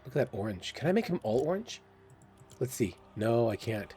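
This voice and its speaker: A man's voice: mid-range voice, very animated, a little fast, mellow, soft background music. A man hosting a gaming channel, giving casual, curious commentary and thinking aloud with exclamations. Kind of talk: casual game commentary voice-over.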